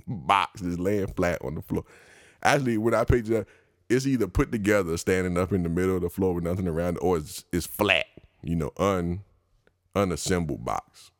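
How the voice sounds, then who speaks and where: Low raspy-edged dude doing his podcast bit, cussing and cracking himself up, dry sound. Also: dry recording. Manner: slangy, profane, laughing at his own riffs. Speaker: podcast host. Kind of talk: casual comedic monologue.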